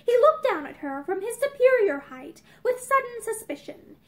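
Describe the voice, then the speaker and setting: A woman's voice: very high voice, very animated, moderate pace, few pauses. Young woman reading a novel aloud. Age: young adult. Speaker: narrator. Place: indoors, room with bookshelves.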